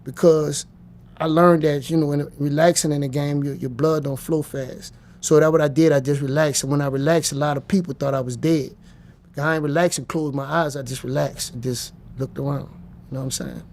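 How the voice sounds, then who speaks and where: A man's voice: on the high side, steady tone, a little fast, darkish tone. A man, telling his story bluntly and profanely as an interview guest. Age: 50s. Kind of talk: casual storytelling.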